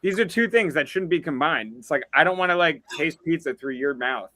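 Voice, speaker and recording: A man's voice: a little high, lively intonation, brisk, sharp tone, a little hiss or hum. A man chatting as a comedy guest, laid-back and rambling with lots of fillers. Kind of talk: casual comedic chat.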